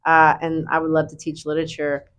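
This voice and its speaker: Chatty woman teacher, lowish voice. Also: monotone, brisk, fairly bright tone, a little hiss or hum. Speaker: high school English teacher. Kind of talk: casual interview chat.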